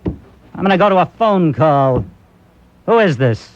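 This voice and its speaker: A man's voice: a little high, animated, measured pace, slight background noise. A man hosting a call-in radio show, teasing and wisecracking with a caller from the studio. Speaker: talk-radio host. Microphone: studio microphone. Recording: dull lo-fi radio broadcast.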